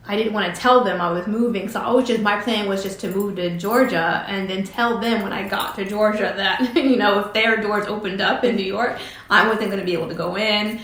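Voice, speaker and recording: A middle-aged woman telling a personal story, halting and emotional, with many fillers and restarts. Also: mid-range voice, a bit bright, reverberant. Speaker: vlogger telling her story.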